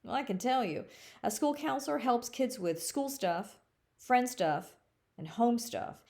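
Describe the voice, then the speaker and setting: A middle-aged woman, a school counselor, giving a playful, jokey presentation to young students and slowing down to stretch words for emphasis. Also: on the high side, expressive, darkish tone. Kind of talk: friendly recorded presentation to fifth graders.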